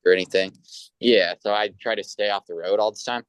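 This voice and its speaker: A man with a fairly low voice talks haltingly on a casual podcast, restarting his sentences and filling gaps with "you know". The recording is close and dry, with no room sound. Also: fairly even intonation, clean tone, no room sound. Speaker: podcast co-host.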